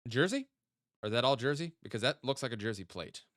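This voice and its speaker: A man's voice: mid-range voice, lively intonation, a little fast, fairly bright tone, dry recording, studio quality. A young man casually thinking aloud and joking while streaming a geography guessing game. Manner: chatty, thinks aloud, jokey asides. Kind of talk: casual gaming stream chat.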